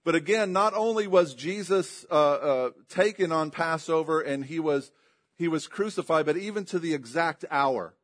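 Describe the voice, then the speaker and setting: A man preaching a sermon, swinging between loud emphatic lines and low quiet ones, putting questions to his congregation. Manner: emphatic, rising and dropping in pitch and volume.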